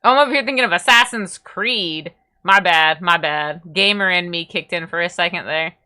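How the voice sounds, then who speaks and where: A woman's voice: lowish voice, normal speed, bright, forceful tone. A young woman streamer chatting casually, rambling and tripping over her words. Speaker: VTuber streamer. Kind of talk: casual livestream chat.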